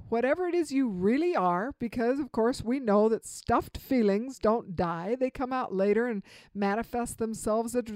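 A middle-aged woman giving an earnest instructional talk, slowing down to stress key points. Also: on the high side, a little mellow, no room sound. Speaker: communication speaker.

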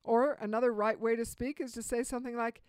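Earnest, higher-voiced woman teaching. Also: steady tone, a little mellow, clean tone, no room sound. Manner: earnest and emphatic, slowing down on key points. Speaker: communication speaker. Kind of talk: instructional talk.

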